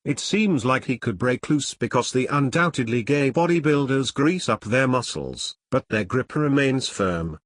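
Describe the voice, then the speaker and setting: A man narrating a crude comic story in a wry, deadpan way. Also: medium pitch, moderate pace, few pauses, no room sound.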